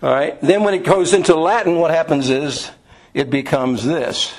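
A man's voice: on the high side, normal speed, low-quality recording. A middle-aged man leading an informal Bible study class, lecturing in a conversational way with frequent fillers and restarts.

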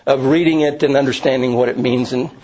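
A man's voice: mid-range voice, steady tone, brisk, a little mellow. A man teaching a Bible study class, explaining in a rambling way with many restarts and asides. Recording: dull lo-fi recording.

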